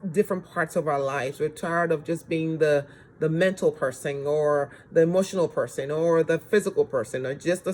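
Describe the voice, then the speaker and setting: A man's voice: on the high side, a little mellow, slight background noise. A man giving a recorded self-help lecture as course instructor, earnest, putting rhetorical questions to the listener and repeating phrases for emphasis.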